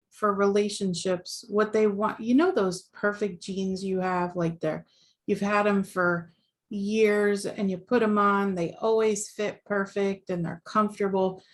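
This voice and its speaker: A woman relationship coach talking casually as a guest, animated, with many fillers and restarts. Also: mid-range voice, unhurried. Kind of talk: casual conversation.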